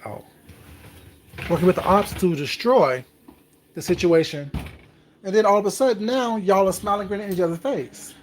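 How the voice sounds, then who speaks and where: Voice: mid-range voice, normal speed, pauses often, a little hiss or hum. Chatty livestream host baking at home. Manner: chatty, greets viewers by name, wry and ironic. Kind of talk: casual livestream chat with viewers. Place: home kitchen while baking.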